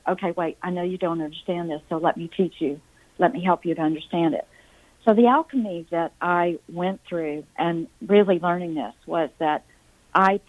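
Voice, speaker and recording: A middle-aged woman speaks as an interview guest, her voice sitting a little low. She tells her story earnestly, breaking off into halting restarts. She acts out her own past words with drama. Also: darkish tone, rough recording.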